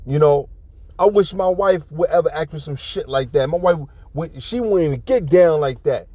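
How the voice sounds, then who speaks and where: A man's voice: on the high side, lively intonation, normal speed, warm tone, no room sound. A man giving casual ranting commentary on a video clip, blunt, profane and preachy, often restarting his sentences.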